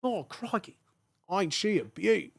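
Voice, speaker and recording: A man voicing a reckless, excitable Australian wildlife-show host with a put-on Australian accent and showman patter. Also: sits high, unhurried, gravelly, husky, no echo, pitched above the performer's own voice, full character voice. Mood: giddy, sneaky. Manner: hushed then giddy showman patter.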